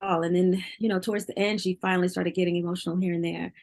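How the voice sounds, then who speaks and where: A woman's voice: lowish voice, level tone, fast, darkish tone. A middle-aged woman speaking candidly and emotionally in an interview, often repeating words and laughing. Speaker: interview guest, singer.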